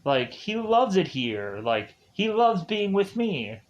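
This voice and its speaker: A man's voice: high-pitched, big pitch swings, slow, highs cut off, pitched above the performer's own voice, full character voice. A man voicing an earnest young man who pleads in a raised, upset voice. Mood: pleading.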